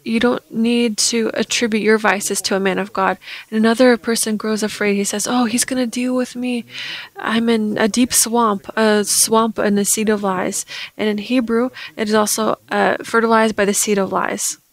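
A woman preaching a sermon, reading Scripture aloud and getting loud at emphatic points. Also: fairly high pitch, little pitch movement, normal speed, low-quality recording.

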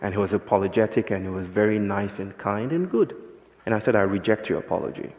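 A man giving a public talk, telling stories in a measured, philosophical way. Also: on the low side, expressive, phone-quality sound. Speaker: speaker. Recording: long hall reverb.

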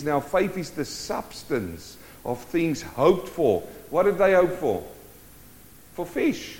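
A man preaching a sermon, swinging from loud urgent bursts to hushed, intimate lines. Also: sits high. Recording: long hall reverb.

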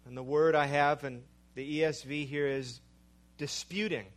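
A male preacher delivering a sermon in a slow, emphatic way, with dramatic drops in volume. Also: fairly high pitch, steady tone.

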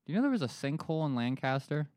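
A man's voice: fairly high pitch, very animated, rapid-fire, darkish tone, no echo. A man from Pennsylvania co-hosting a casual podcast chat, joking around and reading news stories aloud. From Pennsylvania, USA. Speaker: podcast co-host.

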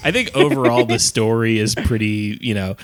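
A man's voice: fairly low pitch, normal speed. A man on a podcast casually recapping a movie plot, rambling with lots of fillers and laughing as he retells scenes. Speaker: podcast co-host.

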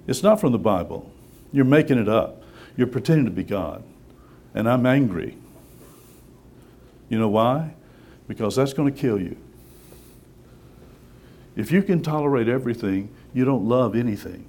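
Preacher, male, mid-pitched, animated sermon delivery full of rhetorical questions. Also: normal speed, long pauses. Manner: lively, conversational, acts out voices and asks rhetorical questions.

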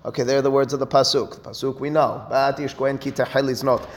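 A man teaching a Talmud class in an animated, emphatic way, with quick asides and rhetorical questions. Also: medium pitch. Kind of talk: classroom lecture.

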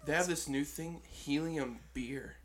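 A podcast co-host with a slightly high voice who talks slowly. He rambles through jokes and laughs at his own stories. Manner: joking, rambling, laughs at himself. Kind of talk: casual podcast chat.

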